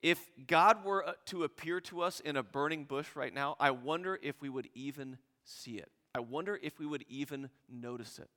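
A man preaching a sermon as pastor, animated, acting out scripture dialogue with rising intensity. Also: fairly high pitch, moderate pace, hardly any pauses, in a large hall.

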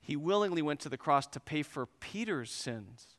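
A man preaching a sermon, telling a lively personal story and acting out both sides of the conversation before turning to scripture. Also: sits high, brisk. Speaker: pastor.

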